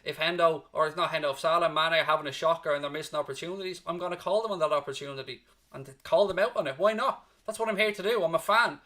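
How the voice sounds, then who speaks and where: A man's voice: a little high, fast talker, bright, forceful tone. A male fan channel host on a live post-match stream, reading out chat comments in an emotional, blunt way that wanders onto tangents, and exhausted.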